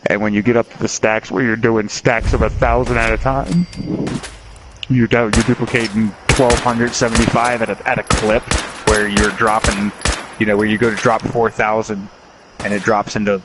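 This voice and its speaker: A man's voice: on the low side, little pitch movement, normal speed, background noise. A man chatting casually while streaming a video game. He tells rambling stories and chuckles often. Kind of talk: casual chat while gaming. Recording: game gunfire clearly heard behind. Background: video game gunfire and explosions.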